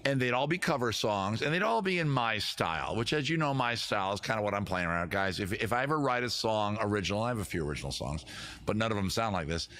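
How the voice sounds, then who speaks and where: A man's voice: mid-range voice, pushed and bright. A man hosting a live comedy stream with a guitar, rambling, self-mocking and giggling at his own jokes. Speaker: host.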